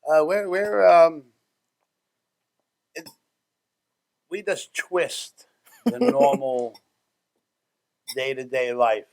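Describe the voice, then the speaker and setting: A man's voice: fairly high pitch, lively intonation, drawn-out words, gravelly, pauses often, a little mellow. A man in casual chat, easygoing and jokey, talking as he eats with his mouth full. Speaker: guest tasting food.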